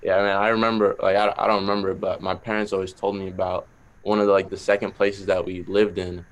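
A young man with a Boston accent, a musician talking casually in an interview, relaxed, with lots of "like" fillers. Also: deep voice, fast talker. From Massachusetts. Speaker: musician guest.

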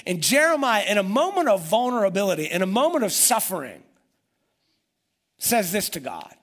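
Man, pastor, sermon, animated storytelling, slightly high voice. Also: brisk.

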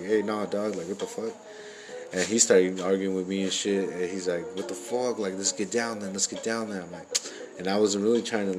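A man's voice: low voice, poor audio. A man telling personal stories in a rambling, casual way, full of fillers and profane street slang. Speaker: parent sharing life stories.

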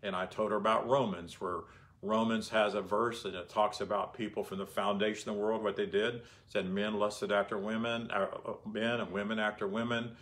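Low-voiced man teaching scripture casually. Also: level tone, fairly quick, a bit bright. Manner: conversational, asks rhetorical questions. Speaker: Bible teacher. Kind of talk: informal Bible teaching.

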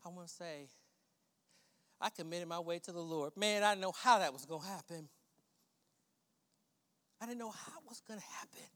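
A male pastor preaches with a strikingly high, bright voice. He repeats phrases for emphasis and drops from ringing shouts to hushed near-whispers. It is a church sermon. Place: church sanctuary.

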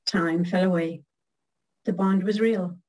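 A middle-aged woman reading her own poem slowly and carefully, then chatting casually as a guest. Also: fairly low pitch, steady tone, darkish tone, poor audio. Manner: slow, measured recitation.

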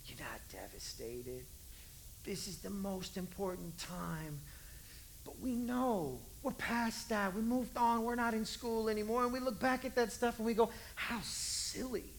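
A pastor preaching in a relaxed, conversational way and repeating key lines for emphasis. The delivery moves easily between plain talk and acted-out voices. A faint hiss of background noise runs under the speech. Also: mid-range voice, moderate pace. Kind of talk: sermon.

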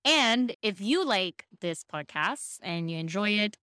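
Woman, American, co-host of a casual podcast, mid-pitched, explanatory, laughs easily, dry close mic. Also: animated, measured pace, bright, forceful tone, smooth, no room sound. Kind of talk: casual chat.

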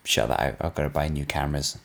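Deep-voiced Scottish man, rambling chat. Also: fast talker, vocal fry, a crowd in the background. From Scotland. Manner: joking, rambling, many restarts. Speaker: podcast co-host. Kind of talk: casual chat.

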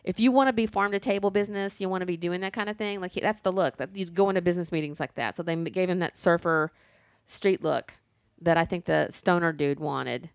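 Chatty low-voiced woman, dry sound. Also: no room sound. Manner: animated, chatty, quick asides and playful sass. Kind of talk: casual chat reviewing a TV show.

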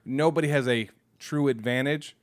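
A man's voice: mid-range voice, moderate pace, no room sound. A man hosting a casual podcast, talking loosely with lots of fillers and restarts. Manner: rambling, many fillers. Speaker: podcast host. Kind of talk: casual chat.

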